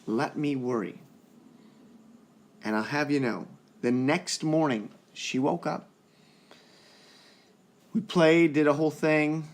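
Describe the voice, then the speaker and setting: A man's voice: a little high, fairly even intonation, takes it slowly, pauses often. A young man talking earnestly and reassuringly to the camera in a casual parenting vlog. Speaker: parenting vlogger.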